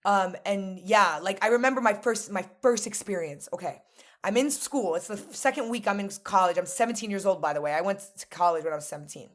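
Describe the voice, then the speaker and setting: A woman's voice: medium pitch, quick pace. Blunt New woman telling stories. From New York. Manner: animated storytelling, blunt and frank. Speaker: podcast guest. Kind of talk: casual conversation.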